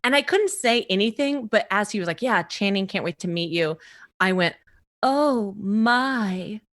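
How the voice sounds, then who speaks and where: A woman comedian from the US East Coast, a podcast guest telling a story in a casual interview, lively, laughing often and acting out the voices of the people she quotes. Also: medium pitch, fairly quick.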